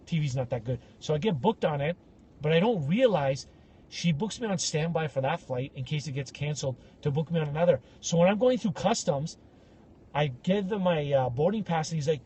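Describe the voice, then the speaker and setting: A man co-hosting a podcast, telling comic stories in an animated way and acting out other people's voices. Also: on the high side, brisk, husky. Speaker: podcast co-host. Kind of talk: casual comedic storytelling.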